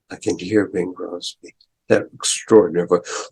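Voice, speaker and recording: An older male professor retelling a story in a lecture, deliberate, clearing his throat and adding asides. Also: low voice, fairly even intonation, darkish tone.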